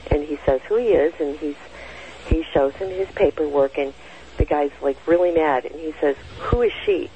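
A woman's voice: low voice, moderate pace, mellow. A woman in her sixties recounting a personal experience in casual, rambling speech full of fillers and restarts. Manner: rambling, with many fillers and self-corrections. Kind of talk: casual spoken storytelling. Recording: dull lo-fi sound with faint noise.

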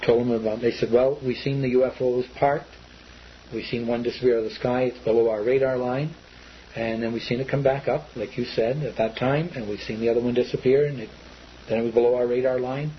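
A man tells his story in a loose, rambling way, repeating words and acting out what others told him. His voice sits at an ordinary middle pitch. The recording is a little dull and muffled, with a faint hiss behind it. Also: fairly even intonation, fairly quick. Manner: rambling, repetitive, acts out quoted speech. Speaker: eyewitness telling his story. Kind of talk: casual spoken recollection.

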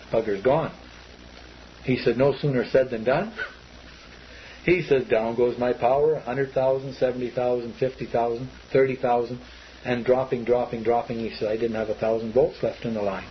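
A man's voice: mid-range voice, slight background noise. A man telling of something he witnessed in a rambling, repetitive way, acting out what others said. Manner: rambling, repetitive, acts out quoted speech. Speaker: eyewitness telling his story. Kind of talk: casual spoken recollection. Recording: slightly muffled lo-fi recording.

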